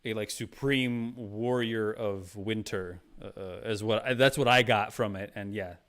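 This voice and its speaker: A man's voice: lowish voice, steady tone, measured pace, a bit bright. A man streaming a casual review chat, rambling with many fillers and restarts, calling viewers "Mama".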